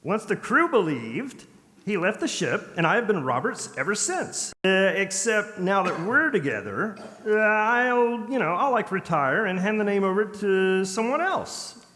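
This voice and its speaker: A slacker-style pirate hero played by a man rambles in a high, bright, bouncy voice full of "like" and "uh". The live reading echoes through a large hall. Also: very animated, a little slow, heavily acted. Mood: rambling. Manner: casual slacker talk, lots of "like" and "uh". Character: young pirate hero, laid-back and joking. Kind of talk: live stage reading of a parody script. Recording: reverberant convention hall.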